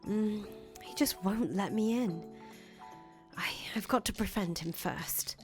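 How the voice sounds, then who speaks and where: An earnest young foreign woman traveler, voiced by a woman, chatty and friendly, tripping over her words whenever she gets flustered. Her tone sits mid-range and she speaks slowly, with faint music behind her in a visual novel reading. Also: mid-range voice, a little mellow, close to an everyday voice. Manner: chatty, easily flustered, stammers when nervous. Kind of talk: fan voice acting of a visual novel.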